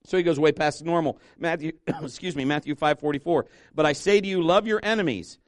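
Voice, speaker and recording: Pastor guy preaching, lively and emphatic, bit high voice, dry close sound. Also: a little fast, no room sound. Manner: animated preaching, drops softer for scripture reading. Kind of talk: sermon.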